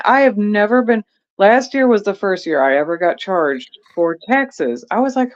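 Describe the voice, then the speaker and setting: Woman veteran, profane animated storyteller, casual stream chat, dull lo-fi audio. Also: mid-range voice, moderate pace. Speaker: veteran co-host. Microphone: video call.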